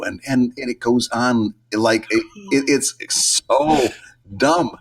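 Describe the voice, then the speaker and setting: A man co-hosting a podcast in casual chat, animated and acting out quoted lines. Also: mid-range voice, slow pace. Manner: animated, acts out quoted lines in changing voices. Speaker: podcast co-host.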